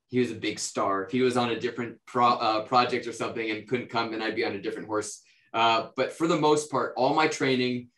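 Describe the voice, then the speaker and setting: A man from the United States talks easily as an interviewed actor, wandering through his answers with ums and restarts. His voice sits at a middle pitch and carries a roomy echo. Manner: relaxed, rambling, lots of fillers and restarts.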